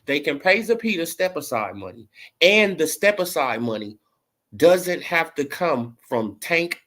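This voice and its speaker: A man's voice: a little high, measured pace. A man giving a casual boxing opinion rant, full of slang and fillers like "bro" and "you know". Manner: rising to animated mocking in the back half. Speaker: boxing commentary vlogger.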